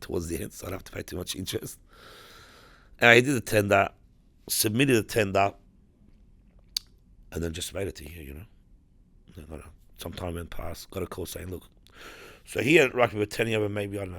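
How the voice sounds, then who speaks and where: A middle-aged man, a podcast guest rattling through his story at a fast clip. His voice is low and gravelly, recorded dry and close. He talks casually and animatedly, with lots of "you know" and the odd curse. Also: bright, forceful tone, no room sound. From Iran. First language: Persian.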